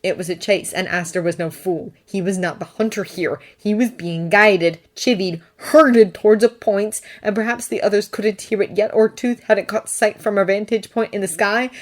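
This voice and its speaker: A woman reading fan fiction aloud in steady, even audiobook narration. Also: medium pitch, normal speed. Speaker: fanfiction narrator.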